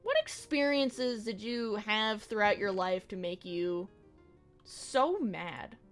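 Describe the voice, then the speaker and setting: A young woman streams a game and talks casually in a drifting, reflective manner, slang and swearing included. She has a mid-range voice, speaks slowly, and soft music plays in the background.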